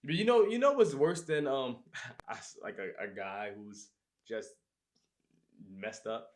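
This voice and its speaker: A man with an ordinary mid-range voice hosts a casual podcast chat. He tells his stories in an animated way and acts out his own lines and reactions as he goes. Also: medium pitch, unhurried. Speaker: podcast host.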